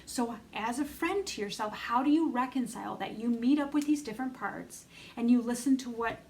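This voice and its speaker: A woman's voice: on the high side, brisk, vocal fry, slight background noise, rough recording. A middle-aged woman giving an earnest, encouraging self-help coaching talk, speaking straight to her listeners. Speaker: self-love coach leading an online bootcamp.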